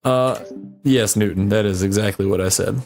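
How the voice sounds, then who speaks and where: A man's voice: on the low side, moderate pace, darkish tone, soft background music. A man hosting a live game stream and podcast, chatting in an easygoing way with chuckles and trailing sentences. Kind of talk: casual chat on a live stream.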